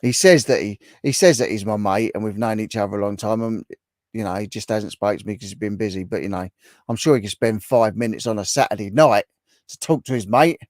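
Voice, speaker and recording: A man's voice: fairly low pitch, brisk, darkish tone, no echo, clean studio sound. A man hosting a casual livestream, reading viewer comments aloud and chatting with them in a bantering, repetitive way. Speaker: livestream host.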